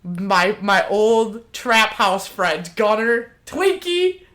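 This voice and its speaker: A woman's voice: mid-range voice, very animated, extremely slow, fairly bright tone. A young woman co-hosting a podcast, telling a story in brash, profane casual chat and acting out the voices of the people in it. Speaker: podcast co-host.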